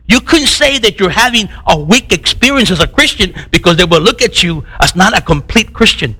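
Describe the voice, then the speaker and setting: A male pastor delivering a sermon in a high, bright voice that swings widely in pitch. He talks conversationally, piles up rhetorical questions, and repeats words as he restarts his phrases. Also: big pitch swings, moderate pace, slightly rough, low-quality recording.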